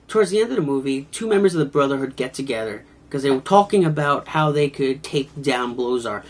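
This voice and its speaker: A man's voice: mid-range voice, slightly rough. A man giving a casual video review of an old horror film, with a wry, mocking manner. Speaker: movie reviewer.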